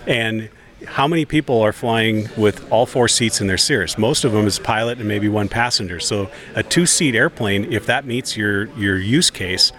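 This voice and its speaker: A man's voice: fairly low pitch, normal speed, fairly bright tone. A man co-hosting an aviation radio show, confidently explaining technical points at an outdoor expo. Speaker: radio show co-host and pilot. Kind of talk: explanatory casual talk.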